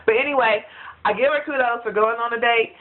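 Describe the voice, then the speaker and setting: A woman chatting in a casual review vlog, gossipy and animated, laughing often. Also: on the high side, brisk. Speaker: reality TV reviewer. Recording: tinny phone-like sound.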